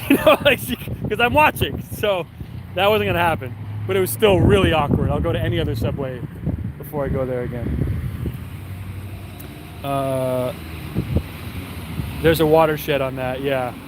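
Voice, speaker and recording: A man's voice: a little high, moderate pace, long pauses, very noisy. A young man streaming, telling a rambling story to his chat with lots of fillers and wry asides. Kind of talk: casual storytelling to a live chat.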